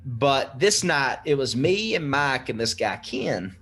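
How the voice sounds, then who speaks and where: A man's voice: medium pitch, big pitch swings, slow pace, a bit bright, husky. A young man casually telling a spooky story on a podcast, swearing freely and laughing as he goes. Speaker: podcast guest.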